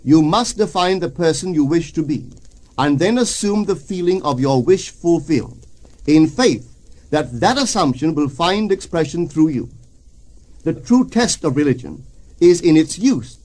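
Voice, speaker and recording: A man reads a spiritual lecture with a measured, solemn delivery. His voice sits a little high and moves a great deal in pitch. He slows down and leans on the quoted lines. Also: lively intonation, darkish tone. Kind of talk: reading a spiritual lecture aloud.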